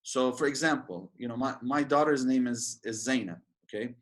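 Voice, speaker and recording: A sheikh giving an informal religious lecture, chatty and joking, with many fillers and restarts. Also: male voice, medium pitch, normal speed, fairly bright tone. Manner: laughs at his own jokes.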